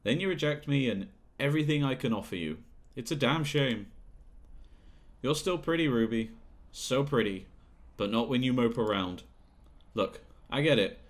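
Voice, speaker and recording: A man's voice: medium pitch, lively intonation, normal speed, long pauses, natural voice. A man voicing a manipulative, bullying male talent manager who talks down to a young singer, in a video game playthrough. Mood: coaxing. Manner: condescending, bullying, sneering.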